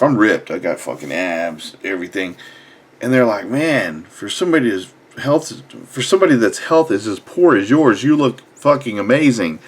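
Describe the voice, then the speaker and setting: A young man, telling a personal story in a casual, blunt, profane way. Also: on the low side. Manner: blunt, profane, animated retelling. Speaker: fitness vlogger.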